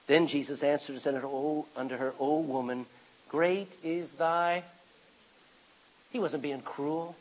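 A man preaching a sermon in a church, animated, acting out the voices of the people in his stories. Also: fairly high pitch, unhurried, low-quality recording.

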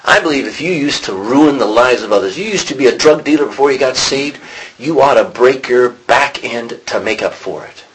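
A man's voice: medium pitch, moderate pace, slight background noise, low-quality recording. A man teaching an informal Bible study, asking the class questions and acting out the lines he quotes. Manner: animated, acts out quotes, asks the class questions.

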